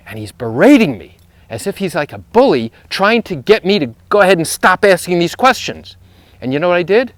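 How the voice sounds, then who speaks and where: A man's voice: high voice, sing-song, a little fast, no room sound. A man who is a lawyer, telling a story emphatically while walking outdoors through a neighborhood. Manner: emphatic, repetitive phrasing, rising intensity when retelling. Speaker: personal injury lawyer.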